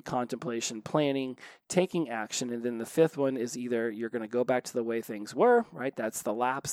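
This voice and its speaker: A man in his forties speaks quickly and with energy in an easygoing motivational talk on recovery. His pitch sits in an ordinary middle range. The recording is dry and close. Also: dry recording. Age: 40s. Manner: animated, fast, keeps asking "right?".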